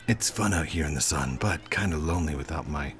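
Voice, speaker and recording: Man putting on a deep mournful ghoul voice for a game. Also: animated, normal speed, darkish tone, faint music behind. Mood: lonely. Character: lonely ghoul, low and gloomy.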